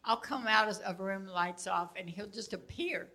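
Bright-voiced older woman teaching with laughter. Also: medium pitch, normal speed. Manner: animated storyteller, laughs often. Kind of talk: casual teaching talk with personal stories.

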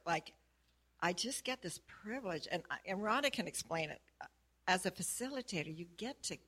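A woman's voice: lowish voice, fairly bright tone, slightly rough. A woman who works as a prayer facilitator, sharing her experience casually and earnestly, laughing often as she talks. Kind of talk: casual testimony.

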